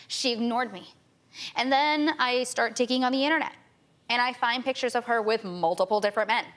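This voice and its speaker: A talk show guest in young adulthood, she gives an urgent, tearful retelling of something personal, repeatedly stumbling and restarting. Her voice is on the high side and a bit bright, and she speaks a little fast.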